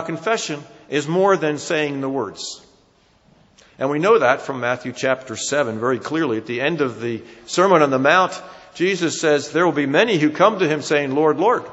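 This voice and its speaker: A man's voice: a little high, a bit bright. A man with a New Jersey accent preaching a sermon, emphatic, his voice rising and falling for emphasis. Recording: dull sound with long hall reverb.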